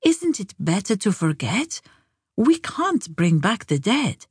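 A woman's voice: very animated, takes it slowly, husky, no room sound, clean studio sound, exaggerated voice. A woman voicing an anxious, bustling sixty-five-year-old daughter-in-law with a raised, fretful voice. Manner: fretful, higher-pitched.

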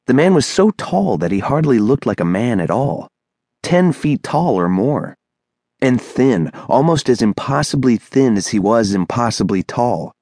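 A man narrating a children's audiobook in a measured storytelling manner. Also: fairly low pitch, a little mellow, no echo, studio quality.

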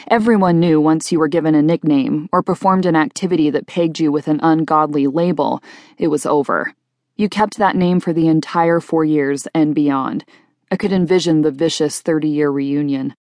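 A woman narrating a first-person audiobook in a plain, steady storytelling manner. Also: deep voice, moderate pace, dry recording, studio quality.

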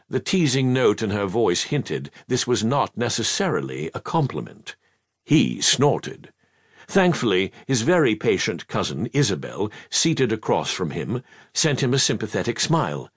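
A man narrating a children's fantasy audiobook in an expressive storybook style. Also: fairly low pitch, moderate pace, breathy edge, no echo, clean studio sound.

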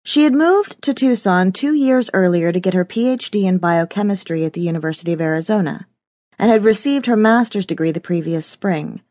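A woman reads a novel aloud in a low, measured voice, expressive but steady. The sound is dry and close, with no room around it. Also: no room sound. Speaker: audiobook narrator. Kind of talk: scripted narration.

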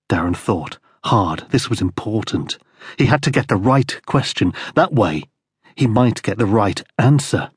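A man reading a crime thriller audiobook as narrator, in steady, grim storytelling. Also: on the low side, unhurried, slightly rough, no echo, clean studio sound. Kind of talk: scripted narration.

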